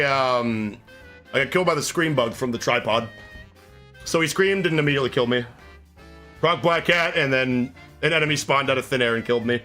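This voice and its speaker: A man's voice: medium pitch, bright, forceful tone. Profane exasperated male game streamer. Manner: profane, exasperated, chatting with viewers. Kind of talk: live gameplay commentary.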